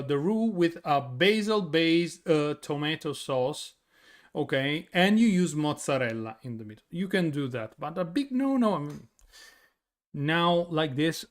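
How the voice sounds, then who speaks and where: A tired man with an Italian accent, streaming and answering viewer questions in a chatty way, full of fillers and restarts. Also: high-pitched. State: tired from little sleep. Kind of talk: casual chat reading viewer questions.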